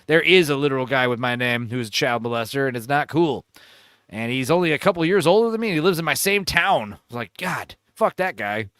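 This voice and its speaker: A man's voice: mid-range voice, animated, brisk, fairly bright tone, clean tone, no room sound, clean studio sound. A man hosting a livestream, telling crude, rambling stories in casual chat. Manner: crude, rambling, joking storyteller. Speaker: livestream host.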